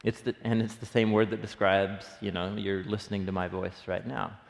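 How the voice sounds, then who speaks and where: A man with a lowish, gravelly voice leads a casual Bible study and explains the text with eager, chatty enthusiasm. He thinks aloud as he goes, pausing on fillers. His voice rings with the long reverb of a hall. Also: little pitch movement. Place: church room.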